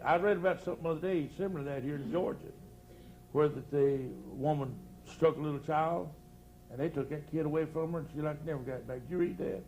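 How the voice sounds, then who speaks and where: A man's voice: on the high side, fast talker, darkish tone, slight background noise. An older man, a country preacher telling rambling comic stories to a live audience and laughing at his own jokes. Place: outdoor church campground before a live audience.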